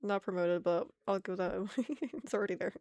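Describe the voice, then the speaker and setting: A woman's voice: medium pitch, flat delivery, brisk, a little mellow, dry recording. An American woman streaming her art, chatting casually with viewers in a rambling way and laughing often. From United States.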